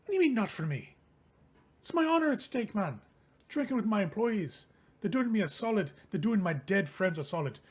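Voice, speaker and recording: A man's voice: high-pitched, sing-song, fairly quick, slightly rough, voice pushed up, heavily acted. A man doing a brash, swaggering knight. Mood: indignant. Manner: loud, brash, drawling tavern banter. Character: boisterous swaggering male knight-for-hire.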